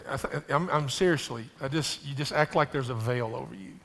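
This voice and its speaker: A man preaching a sermon to his congregation, stumbling over restarts and building to loud, rising emphasis. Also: medium pitch, fairly quick, creaky. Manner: addresses the congregation directly. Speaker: pastor. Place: church sanctuary. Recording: preached in a reverberant hall.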